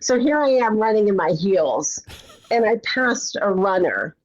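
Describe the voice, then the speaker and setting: In a conversational podcast interview, a middle-aged woman speaks at a measured pace in a mid-range voice with lively intonation, telling her story energetically and acting out her thoughts. Background noise is present, and the audio is slightly dull and muffled.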